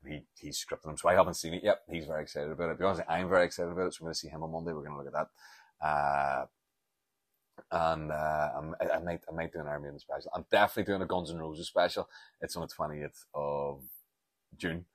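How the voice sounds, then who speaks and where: A man's voice: extremely low pitch, fairly even intonation, quick pace, no room sound. A Northern Irish comedian in his forties, rambling candidly and sweary through a solo podcast monologue, self-deprecating and frank. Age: 40s.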